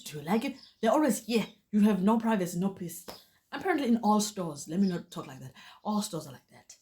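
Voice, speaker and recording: A woman's voice: mid-range voice, slight background noise. A young woman with a South African Xhosa accent, chatting animatedly through a storytime vlog and often dropping into Xhosa. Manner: animated, switches into Xhosa, many restarts. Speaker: vlogger. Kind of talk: casual storytime chat.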